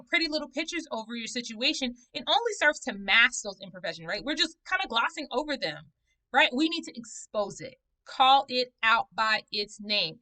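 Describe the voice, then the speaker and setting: A woman, talking to camera in a casual vlog about her own healing, animated and conversational, with playful asides. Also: a little high, rough recording. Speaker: vlogger reviewing a book. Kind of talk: casual personal vlog talk.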